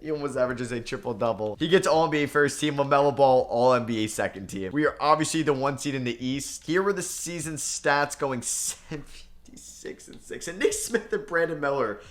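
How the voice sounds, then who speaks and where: A young man casually commenting on his basketball video game season, swinging between nervous groans and excited cheers. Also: medium pitch, fairly quick, hardly any pauses. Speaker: gaming channel host.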